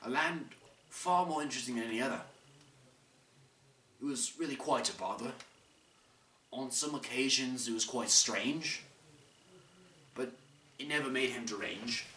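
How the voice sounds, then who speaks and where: A man's voice: mid-range voice, a little slow, pauses often, sharp tone. A young man narrating an amateur rhymed story in a playful, sing-song way. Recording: roomy, distant mic, faint noise.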